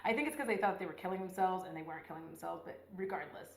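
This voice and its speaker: A woman's voice: fairly low pitch, rapid-fire, vocal fry. Profane, rambling woman vlogger, echoey room. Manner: rambling, profane, animated retelling. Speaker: beauty vlogger. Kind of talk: casual get-ready-with-me chat. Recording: roomy echo.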